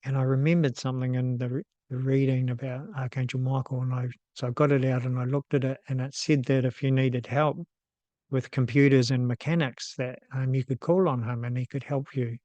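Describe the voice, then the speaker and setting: A man in his fifties with a New Zealand accent, hosting and telling a personal story in a casual, unhurried way, with frequent ums and restarts. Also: mid-range voice, little pitch movement, mellow, dry recording. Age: 50s. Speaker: host.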